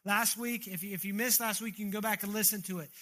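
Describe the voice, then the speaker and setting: Bright high-voiced male preacher. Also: steady tone, fast. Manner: earnest, repeats words, restarts phrases. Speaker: pastor. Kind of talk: sermon. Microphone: handheld microphone.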